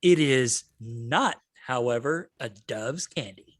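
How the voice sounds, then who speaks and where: A man running a tabletop game as game master, telling the scene in a relaxed, wry way. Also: medium pitch, slow pace, dry recording.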